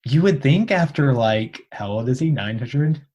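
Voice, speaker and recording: A young man co-hosting a podcast in casual chat, talking in halting bursts full of fillers and restarts. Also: mid-range voice, expressive, a little mellow, slightly rough, lo-fi sound. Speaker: podcast co-host.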